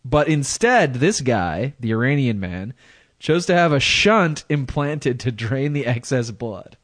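A man's voice: mid-range voice, very animated, measured pace, fairly bright tone, dry recording. A man co-hosting a comedy podcast, reading out news stories in casual chat and laughing often between crude jokes. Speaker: podcast co-host.

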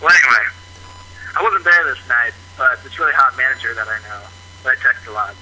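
A man's voice: medium pitch, expressive, a little fast, sharp tone, a little hiss or hum. A man from Missouri leaving a rambling voicemail story on a phone line, full of fillers. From Missouri, USA. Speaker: caller.

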